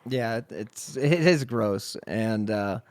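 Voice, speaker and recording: A man hosting an interview podcast speaks slowly in a mid-range voice. He is measured and a little hesitant, filling pauses with "uh." The recording is dry and close. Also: fairly low pitch, no room sound. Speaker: podcast host.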